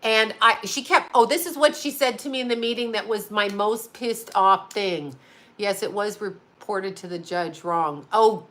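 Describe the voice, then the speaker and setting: Middle-aged lady venting on her channel, rambly and sweary, bright edgy tone. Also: medium pitch. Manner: rambling, emotional, swears freely. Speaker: psychic medium and channel host. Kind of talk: casual livestream chat.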